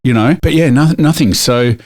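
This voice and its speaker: Here a middle-aged Australian co-host of a podcast talks at a normal speed in a medium-pitched, somewhat dark voice. The chat is casual storytelling that rambles, with many fillers and restarts.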